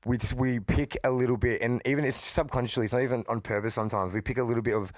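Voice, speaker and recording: A man's voice: mid-range voice, fairly even intonation, fast talker, no echo. A man hosting a podcast, laid-back and chatty, calling his guest "bro" and laughing along. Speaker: podcast host. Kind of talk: casual podcast chat.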